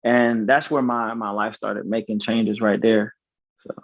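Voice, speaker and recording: Earnest halting man, dull dry podcast audio. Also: on the low side, level tone, gravelly, no room sound. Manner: halting, earnest, many restarts and fillers. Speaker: podcast guest, veteran. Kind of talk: personal storytelling in interview. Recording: slightly dull, dry recording.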